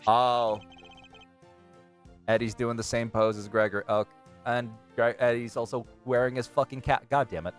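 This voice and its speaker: A man's voice: mid-range voice, flat delivery, normal speed, soft background music. A man streaming a game, chatting casually with profane, rambling asides. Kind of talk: casual let's-play commentary.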